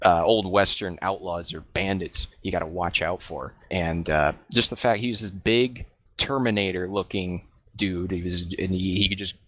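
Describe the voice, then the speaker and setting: A man talking casually on a podcast panel, relaxed, with many fillers and laughs. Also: low voice, normal speed, no echo. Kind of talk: casual discussion.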